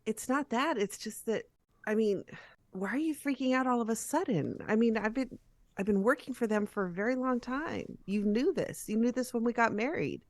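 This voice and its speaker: A woman player speaking in character during a tabletop game, answering calmly with some hesitation. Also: a little high, no room sound. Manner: calm, halting replies. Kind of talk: in-character tabletop role-play.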